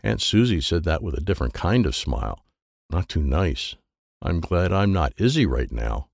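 A man's voice: low voice, very animated, moderate pace, vocal fry, a little mellow, no echo, clean studio sound. A man narrating a children's storybook in the first person, in a simple, childlike way. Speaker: audiobook narrator.

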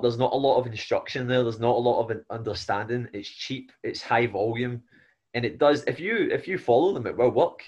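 A man hosting a casual podcast as a fellow coach, chatty and agreeable, building on his guest's points. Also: medium pitch. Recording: dull lo-fi audio.

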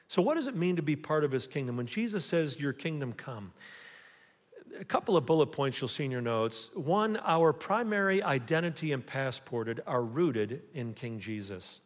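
A man's voice: a little high, expressive, normal speed. Man preaching in an echoing church. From United States. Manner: call-and-response preaching, rising emphasis. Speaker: pastor. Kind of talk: sermon. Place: church sanctuary. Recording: long reverb of a church hall.

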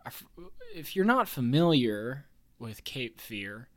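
A man's voice: mid-range voice, very animated, slow pace, fairly bright tone. Podcast host, man in his 30s, rambling and wry, plenty of ums and false starts. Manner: rambling, filler-heavy, self-interrupting; wry, chuckles at his own jokes. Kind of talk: casual podcast chat.

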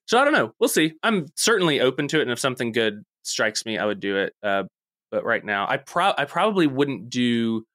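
A man's voice: medium pitch, big pitch swings, a little fast, fairly bright tone, dry recording. Man, podcast co-host, casual chat, playful, dry sound. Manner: playful, self-mocking humor.

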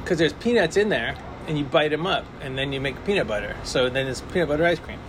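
A man's voice: a little high, lively intonation, quick pace, noisy background. A man casually chatting as a podcast co-host, playful and argumentative, laughing often. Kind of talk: casual chat.

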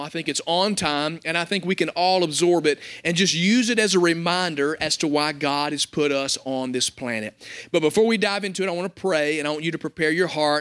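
A man's voice: fairly high pitch, fairly bright tone. A young adult man pastor preaching a sermon to his congregation, conversational and joking.

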